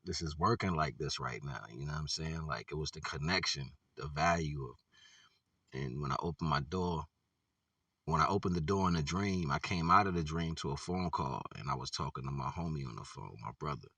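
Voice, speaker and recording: Low-voiced man, bright and forceful tone, easygoing storyteller who laughs a lot, mic a bit distant in a dry space. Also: slightly rough, no room sound. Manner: laid-back, laughs often, many "you know what I'm saying" fillers. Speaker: vlogger. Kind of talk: casual storytelling monologue.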